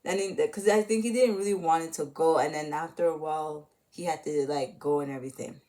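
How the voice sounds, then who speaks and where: Lady talking through a movie she watched, kinda low voice, rambly, lots of "like". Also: a little fast, dark tone. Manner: rambling, full of "like" and restarts. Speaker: channel host. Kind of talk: casual movie recap.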